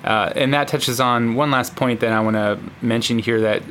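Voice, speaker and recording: A man's voice: mid-range voice, fairly even intonation, normal speed, a bit bright. Guy cohosting a chill podcast, thoughtful, some faint noise. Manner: reflective, joking. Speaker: podcast co-host. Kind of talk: casual conversational podcast.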